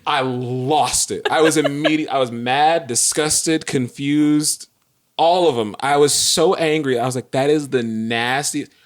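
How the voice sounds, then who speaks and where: In casual chat, a podcast co-host with a slightly high voice tells a story a little slowly. He acts out his own outrage, poking fun at himself along the way.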